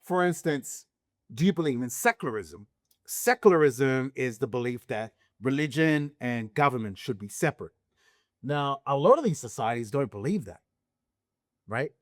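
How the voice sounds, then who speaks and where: A man's voice: medium pitch, lively intonation, normal speed, no room sound, clean studio sound. A man talking straight to camera in a casual opinion monologue, emphatic, asking rhetorical questions and restarting his sentences. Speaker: vlogger.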